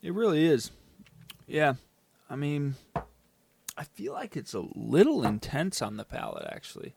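A man's voice: fairly high pitch, huge pitch swings, unhurried, creaky, noisy background. A man co-hosting a casual whiskey tasting chat, joking and often hunting for words. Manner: joking, searching for words, hesitant.

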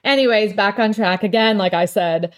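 Speaking at a moderate pace in a medium pitch, a middle-aged woman tells stories on her casual talk show. She runs a salon as well as the podcast, and her monologue is chatty, wandering, and full of laughs.

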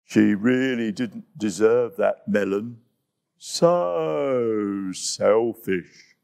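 A man's voice: lowish voice, gravelly, a little mellow, clean tone, pitched below the performer's own voice, exaggerated voice. A man voicing a greedy male hippo who talks lazily, full of ums and uhs. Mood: lazy, smug. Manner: slow, lazy, with ums and uhs.

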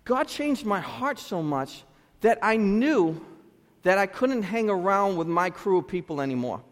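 A man in his thirties from Lynn, Massachusetts, with a Boston-area accent, preaching a sermon as a pastor through animated storytelling with street slang. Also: sits high, unhurried. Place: church sanctuary. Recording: reverberant church hall.

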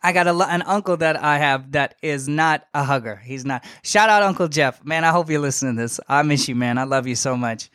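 A young man hosting a podcast, telling a story in a casual, animated and slangy way, emphatic and full of asides. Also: a little high, brisk, few pauses, clear, resonant tone, dry recording, studio quality. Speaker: podcast host.

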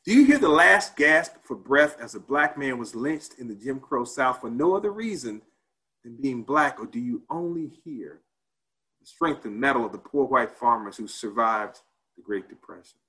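A man's voice: medium pitch, lively intonation, moderate pace, bright, forceful tone, poor audio. A man presenting at a conference, reciting a spoken-word piece of repeated rhetorical questions that rise and then fall almost to silence. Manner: rhetorical, rising on questions and dropping to near silence.

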